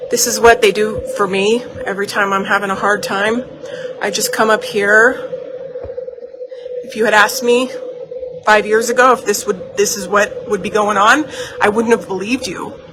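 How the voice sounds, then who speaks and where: A woman's voice: mid-range voice, fairly even intonation, moderate pace. Heartfelt rambling woman, motor hum behind. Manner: heartfelt, rambling, repeats herself. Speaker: doll shop owner and vlogger. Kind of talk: casual chat to camera. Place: indoor doll shop room.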